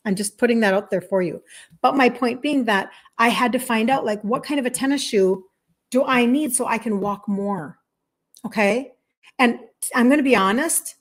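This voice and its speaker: Chatty woman in her fifties. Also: medium pitch. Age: 50s. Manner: chatty, emphatic, laughs often. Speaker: health coach. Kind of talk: casual monologue to viewers.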